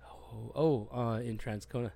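A man's voice: medium pitch, steady tone, unhurried, gravelly, mellow. A man co-hosting a comedy podcast, joking and laughing through his stories in casual banter. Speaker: co-host.

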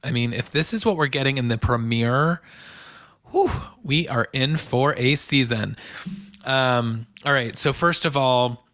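A man's voice: mid-range voice, a little slow, a bit bright, no echo, clean studio sound. A man hosting a podcast, giving a chatty, enthusiastic recap of a reality show in a casual solo commentary. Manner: chatty and enthusiastic, gushing asides.

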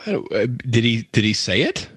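A man co-hosting a comedy podcast, teasing his co-hosts with deadpan jabs. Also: mid-range voice, brisk, husky. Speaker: podcast co-host.

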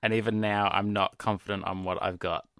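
A man's voice: on the low side, flat delivery, a little fast, a bit bright, no room sound. A man co-hosting a podcast in casual chat, talking in a dry, matter-of-fact way. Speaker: podcast co-host.

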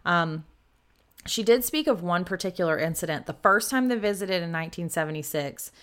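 A woman co-hosting a podcast, telling a ghost story in casual chat, with many ums and quick self-corrections. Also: on the low side, animated, fairly bright tone. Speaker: podcast co-host.

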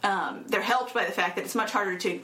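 A woman's voice: mid-range voice, a little fast, pushed and bright, reverberant. A woman co-hosting a casual chat podcast, talking loosely and acting out countries in silly voices. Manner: chatty, acts out nations in silly voices. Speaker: podcast co-host.

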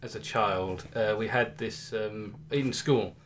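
A man's voice: lowish voice, slow. A man co-hosting a podcast, telling stories in casual chat and jokingly slipping into silly voices. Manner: jokey storyteller, slips into silly voices. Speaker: podcast co-host.

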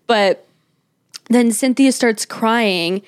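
A woman co-hosting a podcast, chatting casually and retelling reality TV scenes in a gossipy, animated way with frequent swearing. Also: on the high side, drawn-out words, clear, resonant tone. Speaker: podcast co-host. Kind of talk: casual reality TV recap chat.

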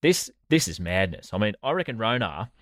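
This comedic storytelling chat comes from a male podcast co-host with an Australian accent who swears casually and leans on sardonic, dry wit. He sounds lowish, a bit bright and very animated, talking a little fast on a dry recording.

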